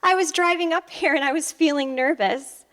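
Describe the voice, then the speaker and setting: High-voiced woman telling stories on stage. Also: normal speed. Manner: animated storyteller who acts out conversations and laughs often. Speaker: motivational speaker and author. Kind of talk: motivational stage talk with personal stories. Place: stage at an expo.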